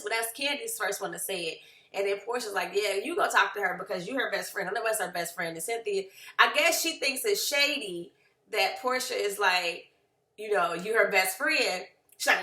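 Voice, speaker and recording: A woman casually recapping a reality show, acting out what the cast said in lively voices. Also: on the high side, moderate pace, echoey room. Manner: animated, acts out quotes of the cast.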